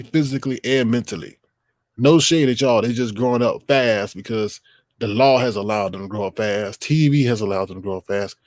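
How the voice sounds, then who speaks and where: A man's voice: mid-range voice, a little mellow, no room sound, clean studio sound. Blunt man ranting to livestream chat. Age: 30s. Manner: blunt, profane, talks straight to chat viewers. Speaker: livestream host. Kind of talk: casual livestream rant.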